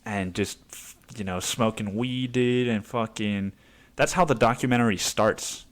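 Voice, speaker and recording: A man's voice: on the low side, unhurried. Rambling, profane young man. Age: 20s. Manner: rambling, profane, laughs often. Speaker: podcast host. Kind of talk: casual monologue.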